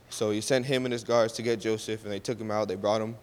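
A fast-talking man with a lowish, darkish voice and fairly even intonation gives a casual retelling of a Bible story. He's loose and chatty, frequently saying "right?" and correcting slips. There's a long hall reverb.

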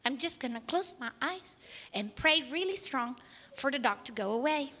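A woman's voice: high-pitched, lively intonation, normal speed, sharp tone, big-room sound, full character voice. A woman voicing a little boy who is nervous but brave, speaking in an earnest, childlike way. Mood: scared.

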